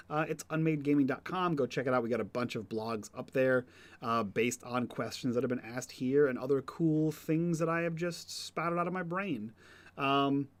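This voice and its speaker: Chatty, rambling man hosting a livestream. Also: medium pitch. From New England. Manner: chatty, rambling, lots of fillers. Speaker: host. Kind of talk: casual livestream Q and A.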